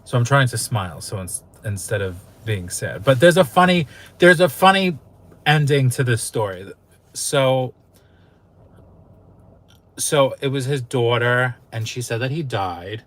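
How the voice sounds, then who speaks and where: A man's voice: mid-range voice, lively intonation, unhurried. A man hosting his own channel, telling a personal story in a casual, candid way, emotional and swearing freely. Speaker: YouTube channel host.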